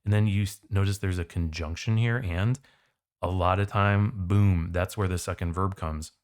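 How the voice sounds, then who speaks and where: A man's voice: low-pitched, steady tone, normal speed, a little mellow. A man tutoring for the SAT, walking through test questions in a casual, conversational way. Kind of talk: test prep walkthrough.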